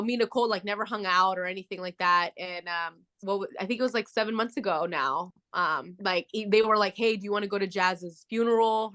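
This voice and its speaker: A woman's voice: medium pitch, fairly bright tone. Young woman podcast host, casual chatty talk, says dude and like a lot. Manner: chatty, heavy on fillers like "dude" and "like". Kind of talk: casual chat.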